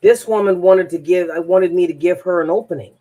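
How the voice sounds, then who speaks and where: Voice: medium pitch, a little fast, warm tone. A transformational coach telling a personal story in a rambling, emphatic monologue, often repeating words.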